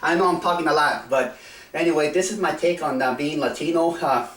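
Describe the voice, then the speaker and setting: A man's voice: a little high, a little fast, a bit bright, far from the mic. A middle-aged man from South Texas, talking casually to camera in a rambling, hesitant way with many fillers and restarts. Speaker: vlogger. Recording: roomy sound, set back from the mic.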